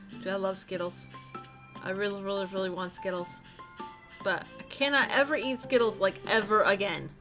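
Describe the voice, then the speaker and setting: Young woman streamer, bright voice, giggly rambling chat, faint game music behind. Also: mid-range voice, moderate pace. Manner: chatty and giggly, rambling with silly asides. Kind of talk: casual live-stream chat while gaming.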